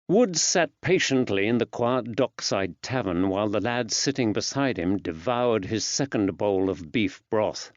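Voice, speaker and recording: Guy reading an audiobook, steady even delivery, kinda muffled dead-dry audio. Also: lowish voice, unhurried, hardly any pauses, no room sound. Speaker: audiobook narrator. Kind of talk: scripted narration. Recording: dull dry studio sound.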